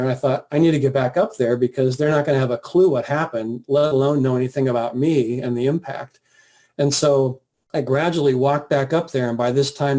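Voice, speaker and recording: A man guest earnestly recounting a personal story in a plain, steady way, with the odd filler. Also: mid-range voice. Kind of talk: personal testimony, casual storytelling.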